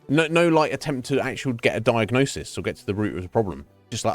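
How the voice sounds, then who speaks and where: A man's voice: medium pitch, lively intonation, brisk, soft background music. A man livestreaming a game from home, ranting in casual chat, swearing freely, repeating words and laughing often. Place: home streaming setup.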